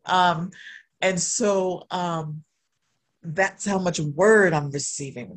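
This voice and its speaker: A woman shares a personal testimony in sermon style. She tells the story in an animated way and leans on repeated refrains to drive her points home. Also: lowish voice, a little slow.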